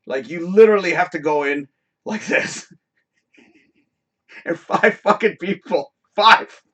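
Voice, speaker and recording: A man's voice: high-pitched, moderate pace, fairly bright tone. A man hosting a live stream, telling a story in a casual, profane rant and laughing often. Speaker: host.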